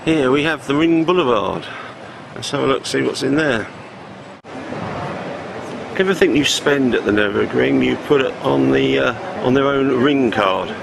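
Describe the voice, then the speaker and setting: A man's voice: medium pitch, moderate pace, gravelly. A man chatting casually with hesitant fillers as he walks around a racetrack outdoors. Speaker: vlogger on a track visit. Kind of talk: casual walk-around narration. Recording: outdoor traffic and car noise.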